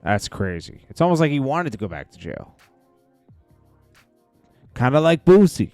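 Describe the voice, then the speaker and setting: A man's voice: on the low side, very animated, brisk, faint music behind. A man hosting a casual celebrity news commentary, rambling with chuckling asides. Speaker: host.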